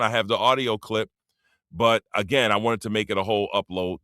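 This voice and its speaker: A man's voice: on the low side, a bit bright, no echo, clean studio sound. A man around fifty, talking bluntly and profanely in a rambling casual monologue as a streamer, full of slang. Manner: drops into dialect slang.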